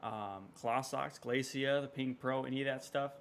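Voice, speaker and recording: A man co-commentating a live esports stream in an easygoing way, giving shout-outs and sponsor reads. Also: medium pitch, steady tone, normal speed, a little hiss or hum.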